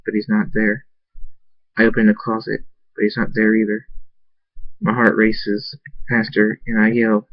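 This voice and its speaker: A man earnestly narrating a first-person fan story, halting and restarting at times. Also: lowish voice, dry recording, lo-fi sound. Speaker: amateur story reader.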